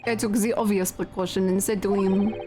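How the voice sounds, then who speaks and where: A woman voicing a no-nonsense cowboy with a mock Louisiana accent and a stern drawl, lower than her own voice. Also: fairly even intonation, fairly quick, lightly acted. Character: gruff cowboy man, no-nonsense. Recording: music playing behind the voice.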